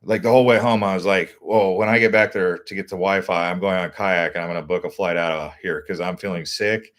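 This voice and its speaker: A man's voice: low-pitched, fairly even intonation, a little fast. A man, a travel vlogger, casually telling a rambling story with lots of filler words and restarts. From United States. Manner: rambling, loose delivery, many "like" fillers and restarts.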